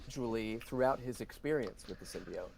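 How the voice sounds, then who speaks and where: A man's voice: on the low side, fairly quick, creaky, darkish tone, a little hiss or hum. A middle-aged man, a voice actor, answering interview questions in an earnest, talkative way. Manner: earnest, talkative, full of "you know" fillers. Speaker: voice actor guest.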